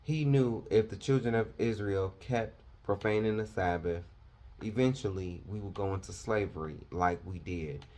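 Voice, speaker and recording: A man's voice: lowish voice, normal speed, darkish tone. A man preaching a confrontational, fiery sermon, lecturing his listeners.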